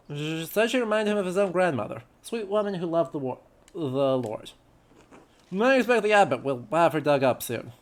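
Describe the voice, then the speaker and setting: A man reading aloud the lines of a gruff older male gravedigger from a game, in a plain reading voice. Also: a little high.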